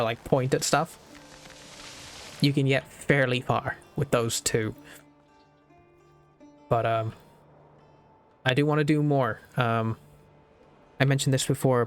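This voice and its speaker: A man's voice: mid-range voice, clean tone. A young Irish man streaming a strategy game, chatting casually and thinking aloud with lots of fillers. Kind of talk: casual gaming stream chat.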